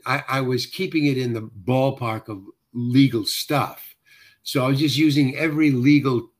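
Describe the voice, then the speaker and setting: An older man, a guest actor, telling a long anecdote in conversation. He often restarts and corrects himself as he talks. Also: medium pitch. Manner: rambling, self-correcting storyteller with frequent restarts.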